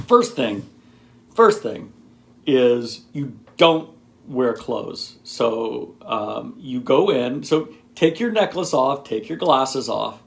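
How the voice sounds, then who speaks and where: Slow gravelly man, rambling. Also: medium pitch, lively intonation. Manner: rambling, unhurried, full of ums and asides; explaining, teacherly. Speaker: video blogger. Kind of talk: casual talk to camera.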